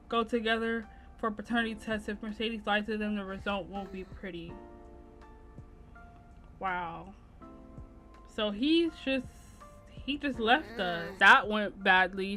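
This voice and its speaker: A young woman streaming a life-sim game, chatting in a lively way and voicing what the characters say. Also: mid-range voice. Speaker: gameplay streamer. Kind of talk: let's play commentary voicing characters. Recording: faint game music behind.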